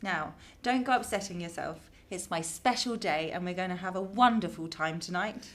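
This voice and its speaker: An actress playing a young woman, meek and quiet when she answers the AI and cheerful when she talks to her mother, in a radio drama. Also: fairly low pitch, normal speed, lightly acted. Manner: meek with the AI, bubbly with her mum. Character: young woman under an AI's control.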